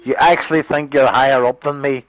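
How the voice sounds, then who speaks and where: A man's voice: mid-range voice, fairly even intonation, a little fast, poor audio. A man in a heated phone argument, scornful, combative and swearing freely. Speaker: phone call participant.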